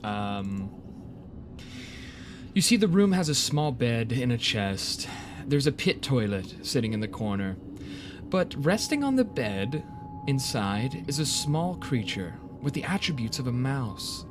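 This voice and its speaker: A man narrating as game master, hesitant and filling pauses with ums. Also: mid-range voice. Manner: hesitant, many fillers. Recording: noisy background.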